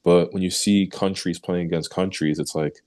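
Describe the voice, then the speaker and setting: Deep-voiced man telling a lively story. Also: moderate pace. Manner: animated storyteller who acts out quoted remarks, laughs easily. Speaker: pitcher, interview guest. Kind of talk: casual storytelling interview.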